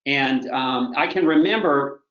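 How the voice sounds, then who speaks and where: A man in his sixties from Oklahoma, a guest telling long stories in a halting way, full of restarts. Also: mid-range voice. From Oklahoma, USA. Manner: halting, with frequent restarts and fillers. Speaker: guest, retired corporate director. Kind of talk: rambling conversational storytelling. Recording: roomy, slightly dull remote recording.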